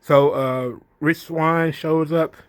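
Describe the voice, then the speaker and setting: A man's voice: on the high side, steady tone, slow pace, clear, resonant tone. Rambling, easygoing man recapping. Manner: rambling, loose, full of "you know" and "kinda". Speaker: wrestling show reviewer. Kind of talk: casual recap commentary.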